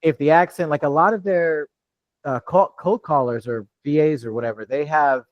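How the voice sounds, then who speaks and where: A man's voice: a little high, moderate pace, no echo, highs cut off. A man from New York coaching a live online training, talking loosely with many restarts over a video call. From New York, USA. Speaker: real estate deal coach.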